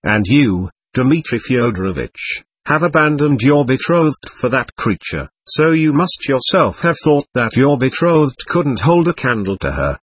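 Ranting old father read by a man, spluttering and shrill, husky voice swinging wide in pitch. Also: big pitch swings, unhurried, few pauses, no room sound. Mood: raging. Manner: yelling, spluttering. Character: old male buffoon father, shrill and raging.

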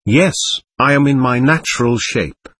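A man reading an audiobook, voicing a suave, ironic male devil who poses as a shabby gentleman, smooth and mocking. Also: medium pitch, measured pace. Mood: teasing.

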